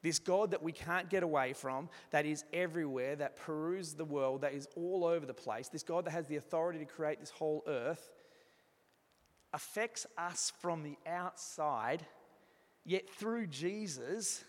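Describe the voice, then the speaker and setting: A man preaching an evening church sermon, earnest, moving from emphatic passages to hushed, soft ones. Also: fairly high pitch, measured pace. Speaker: pastor. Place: church hall. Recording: reverberant hall sound.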